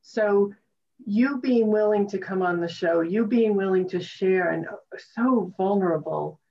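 Woman host talking slow and emotional, kinda far from the mic, dull sound. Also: medium pitch. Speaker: talk show host. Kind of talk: interview conversation.

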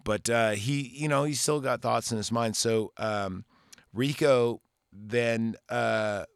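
A man's voice: medium pitch, slow pace, gravelly, smooth, no room sound, studio quality. A man in his forties hosting a podcast, giving a casual, rambling movie recap with lots of swearing and filler words. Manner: rambling and profane, full of fillers. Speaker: podcast host.

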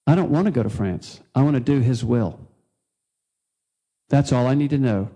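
A man's voice: medium pitch, moderate pace, long pauses, dark tone. A man preaching a sermon, telling a personal story in an earnest, conversational way with wry asides. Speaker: preacher, former missionary.

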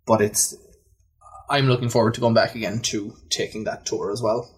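Laid-back guy cohosting a podcast, husky voice, kinda rambles and trails off. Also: lowish voice, moderate pace. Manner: relaxed and rambling, with restarts and trailing phrases. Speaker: podcast co-host. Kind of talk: casual podcast chat.

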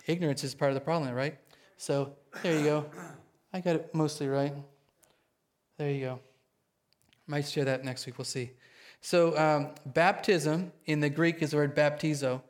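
A man preaching a sermon to his congregation, excitable and quick, often checking in with them. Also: on the high side. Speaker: pastor.

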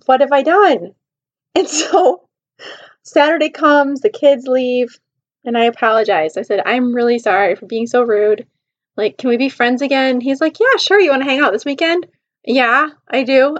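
Chatty woman storyteller, high voice, filler-heavy, slightly muffled recording. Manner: animated, chatty, says "like" often. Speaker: vlogger. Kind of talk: casual personal storytelling.

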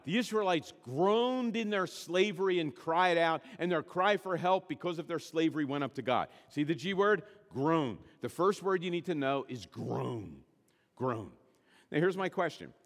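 A man's voice: high-pitched, long reverb tail. A man preaching a sermon, stressing and repeating key words. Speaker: pastor.

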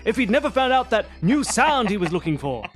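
A man's voice: sits high, very animated, brisk, soft background music. A man voicing an eccentric male scientist who explains things impatiently and in a hurry. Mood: exasperated.

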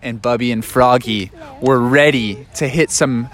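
A man's voice: medium pitch, fairly even intonation, a little slow, a bit bright. A man casually making up a bedtime story for children, playful and loose with surfer slang. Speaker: parent telling a story.

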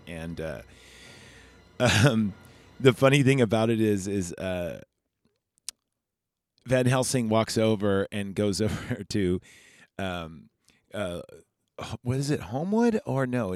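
A man's voice: on the low side, dry recording. A man hosting a podcast, recapping a movie in a rambling, chatty way and swearing freely. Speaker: podcast host. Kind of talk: casual film review.

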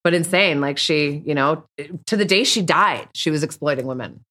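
A woman's voice: sits low, moderate pace, a bit bright. A woman speaking candidly as an interview guest, bluntly and with frequent restarts. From Canada. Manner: blunt, rambling, many restarts. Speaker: podcast guest.

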